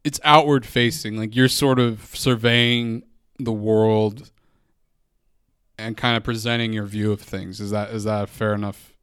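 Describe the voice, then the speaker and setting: A man hosts a relaxed talk about poetry with a bright, ringing voice. He is casual and enthusiastic and swears freely. The recording is dry and close. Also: fairly low pitch, a little slow, smooth, no room sound. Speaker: podcast host and interviewer.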